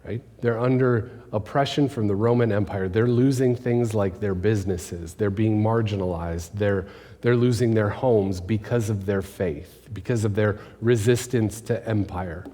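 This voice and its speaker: Speaking at normal speed in a dark tone, a pastor delivers a conversational sermon, quizzing his congregation with rhetorical questions and lowering his voice almost to a whisper to stress points. The church sanctuary gives the audio a long, hall-like reverb.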